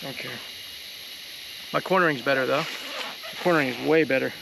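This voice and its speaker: A man's voice: mid-range voice, normal speed, vocal fry, noisy background. A Canadian man vlogging outdoors in a rainforest, joking and boastful, rambling in casual chat.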